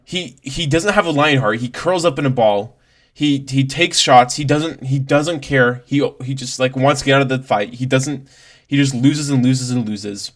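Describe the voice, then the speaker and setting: A man's voice: medium pitch, normal speed. A man ranting through a casual reaction to a fight, swearing, laughing and leaning on "like" and "bro". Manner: profane, exasperated, laughing, heavy on "like" and "bro". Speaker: MMA commentator vlogger.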